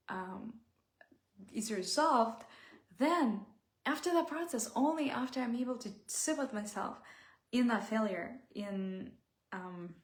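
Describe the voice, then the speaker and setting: A woman giving a reflective personal talk as a self-help speaker, heartfelt and often pausing to search for words. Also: medium pitch, reverberant.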